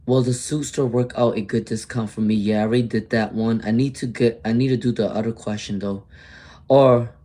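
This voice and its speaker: A man's voice: mid-range voice, steady tone, fairly quick, dark tone. Guy doing a tarot live stream, chatty, talks to viewers by name, kinda mumbly when he's looking stuff up. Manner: chatty, answers viewers by name, mutters while searching.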